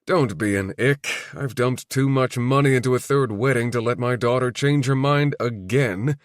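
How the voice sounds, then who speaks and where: A joking middle-aged father, played by a man narrator, wry and a touch louder than the narration. Dry, close audiobook sound. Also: medium pitch, normal speed, no echo, pitched above the performer's own voice, natural voice. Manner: wry, bantering.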